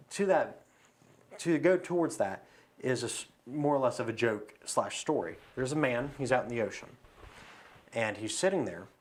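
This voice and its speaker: A man as a podcast guest, talking through philosophy and telling a story in a casual conversation, recorded in a studio. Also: mid-range voice.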